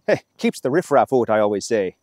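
A man's voice: sing-song, fairly quick, darkish tone, no echo, clean studio sound. A man playing a brash, mocking Yankee soldier with an exaggerated put-on Minnesota accent. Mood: cocky. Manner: brash, mocking, high-pitched jabs.

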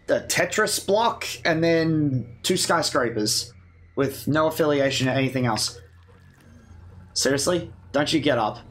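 A man's voice: on the high side, a bit bright. A man giving casual, self-mocking gameplay commentary with sarcasm and swearing. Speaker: let's play gamer.

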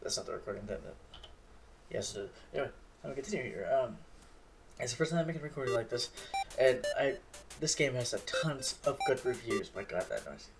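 A man giving casual, excitable commentary as he plays a game for the first time, swearing when startled. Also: mid-range voice, fairly quick, distant mic. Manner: chatty, excitable, swears at surprises. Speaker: gamer. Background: game music.

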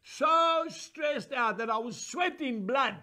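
An older man voicing Jesus as a gentle, anguished man, speaking slowly and earnestly. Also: very high voice, animated, pitched above the performer's own voice, heavily acted.

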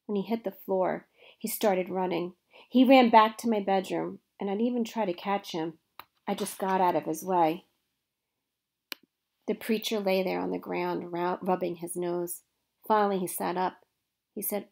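A woman teacher reading a children's novel aloud to her students with expressive storytelling. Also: mid-range voice, normal speed, creaky.

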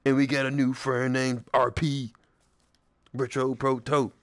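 A man's voice: medium pitch, little pitch movement, a little slow, a bit bright, no echo, studio quality. A young man chatting casually while playing a game with friends, joking, swearing and humming little tunes. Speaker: gaming streamer. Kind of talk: casual gameplay chat with friends.

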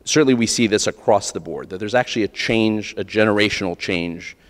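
A man's voice: on the low side, fairly quick. An American man giving a keynote speech at a conference in an earnest, conversational way, often restarting phrases and adding "right?" asides. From United States. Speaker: keynote speaker. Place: large conference hall. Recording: long hall reverb.

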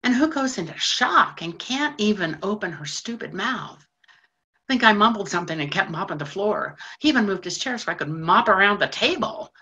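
A woman's voice: mid-range voice, animated, bright, forceful tone, breathy edge. An actress playing a lonely middle-aged female janitor in a stage monologue, confiding in a rush of feeling. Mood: flustered. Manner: confiding, breathless rushes of feeling. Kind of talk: stage monologue in a theatre broadcast.

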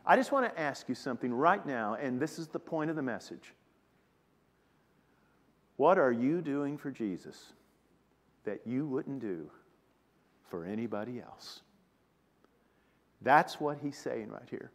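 Male preacher, slow deliberate delivery, emphatic sermon, reverberant sanctuary. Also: mid-range voice, animated. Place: church sanctuary. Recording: long reverb of a church hall.

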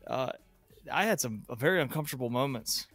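A man's voice: medium pitch, a little fast, dry recording, faint music behind. Man casually telling a work story. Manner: rambling, animated, with frequent restarts. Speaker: podcast co-host.

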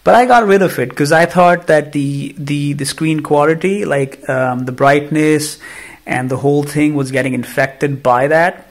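Indian guy venting about his phone, kinda high voice, super animated and fed up. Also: unhurried. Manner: animated, exasperated ranting. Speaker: tech reviewer. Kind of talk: casual phone review rant.

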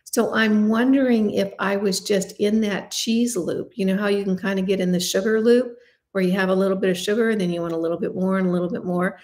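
A woman's voice: medium pitch, steady tone, fairly quick, darkish tone. A woman in her fifties hosting a casual question-and-answer chat, talking in a chatty, confiding way with self-deprecating asides. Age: 50s. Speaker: beauty channel host.

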